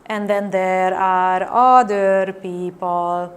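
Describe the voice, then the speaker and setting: A woman's voice: mid-range voice, slow pace. A woman teaching a training class, explaining her points with demonstrations and often asking her listeners "right?". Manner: demonstrative, acts out tone changes and asks the class "right?". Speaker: NLP trainer. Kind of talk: classroom lecture.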